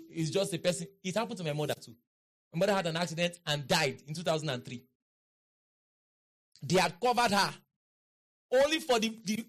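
A man preaching a sermon in an auditorium, leading the crowd in call-and-response and building to shouts and chants. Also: high voice. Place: large auditorium.

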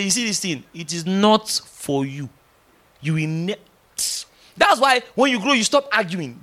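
A middle-aged man preaching a sermon, emphatic and teasing, acting out little dialogues as he goes. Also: sits high. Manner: animated, emphatic, teasing, with laughs and acted-out dialogue.

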